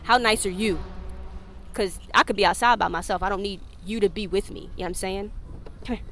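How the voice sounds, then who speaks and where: A woman's voice: medium pitch, fairly quick, slight background noise. A woman hosting her own podcast in a casual solo chat, talking candidly with frequent swearing and laughter and acting out what people said. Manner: candid, profane, laughs often; animated, acts out quoted speech. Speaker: podcast host.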